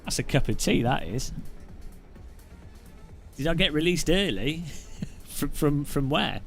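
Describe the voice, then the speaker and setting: Chatty British man, slightly high voice. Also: animated, measured pace, vocal fry, soft background music. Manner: chatty, joking, rambling anecdotes. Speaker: sim racing streamer. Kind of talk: casual gameplay commentary.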